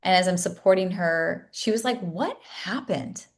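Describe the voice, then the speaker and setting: This woman in her thirties coaches a masterclass and recounts a personal story earnestly and emotionally, tearful at times, with many restarts. She has a lowish voice and a brisk pace.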